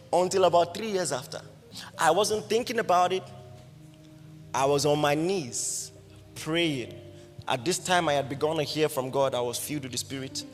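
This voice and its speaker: Nigerian male preacher, high voice, lively storytelling sermon, long hall echo, soft music under. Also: a little slow, long pauses. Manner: lively anecdotal preaching, frequent rhetorical questions. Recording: reverberant hall with faint music.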